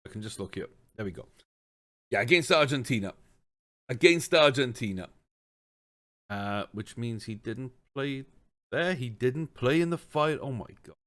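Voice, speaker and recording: A man's voice: medium pitch, animated, moderate pace, pauses often, a bit bright. Chatty man ranting over a game. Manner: chatty, exasperated rants, thinks aloud. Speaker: gaming streamer. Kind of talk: casual let's-play commentary.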